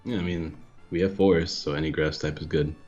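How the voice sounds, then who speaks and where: A man hosting a casual card game review, laid-back and low-key, chuckling often. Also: steady tone, fairly quick, a little mellow, highs cut off, soft background music. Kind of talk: casual chat.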